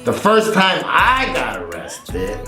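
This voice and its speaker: A man's voice: on the high side, wildly swooping pitch, slow pace. A man vlogger chatting casually in a laid-back way, swearing casually. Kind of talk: casual chat. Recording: roomy with faint music.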